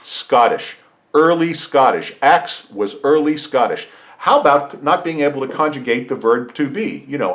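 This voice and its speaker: A man's voice: medium pitch, animated, moderate pace, fairly bright tone. A middle-aged man hosting a podcast, talking through an opinionated monologue with frequent restarts and asides. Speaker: podcast host. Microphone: podcast microphone.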